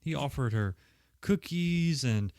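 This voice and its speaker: A man's voice: medium pitch, animated, slow pace, a little mellow, no echo, clean studio sound. A man co-hosting a podcast, recapping a cult film with lots of swearing, laughter and exasperation. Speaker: podcast co-host. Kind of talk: casual film-review chat.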